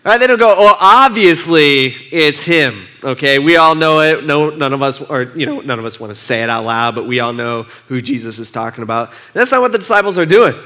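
Bright-voiced man preaching casually. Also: mid-range voice, fast talker, few pauses. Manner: conversational, animated retelling with acted-out quotes. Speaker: pastor. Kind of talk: casual sermon.

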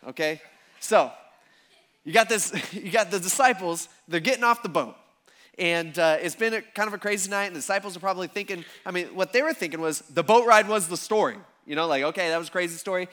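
Casual, animated male pastor preaching. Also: on the high side. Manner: casual, animated storytelling with slang. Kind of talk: sermon.

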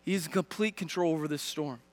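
High-voiced pastor preaching in a reverberant hall. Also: male voice. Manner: questions the congregation directly, pauses and restarts. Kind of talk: sermon. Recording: long reverb of a large hall.

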